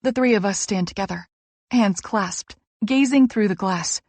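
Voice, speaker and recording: A woman's voice: mid-range voice, a little slow, darkish tone, dry recording. A woman reading a romance audiobook in an earnest, emotional first-person voice. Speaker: audiobook narrator.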